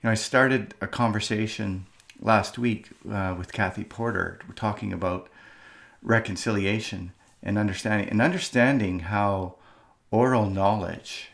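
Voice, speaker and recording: Male host, lowish voice, reflective and hesitant. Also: normal speed, vocal fry, a bit bright. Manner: thoughtful, hesitant, many fillers. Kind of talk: reflective commentary.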